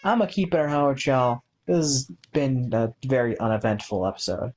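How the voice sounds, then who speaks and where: A man's voice: medium pitch, normal speed, few pauses, a little mellow, a little hiss or hum. Rambling young man narrating his gameplay. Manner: rambling, self-deprecating, many fillers and restarts. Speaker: gaming channel host. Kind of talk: casual gameplay commentary.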